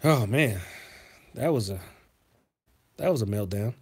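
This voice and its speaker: A man hosting a casual livestream, reading chat messages and telling profane, animated stories from his childhood. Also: lowish voice, measured pace, slightly rough. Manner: profane, animated, swings into loud outbursts. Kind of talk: casual storytelling to a live chat.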